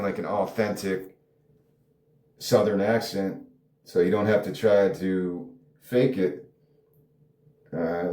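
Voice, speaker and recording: A man's voice: lowish voice, mellow, reverberant. A man who wrote a screenplay, talking about it casually and ramblingly on his own, with frequent laughs. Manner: rambling and chatty, laughs often. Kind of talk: casual solo talk to camera.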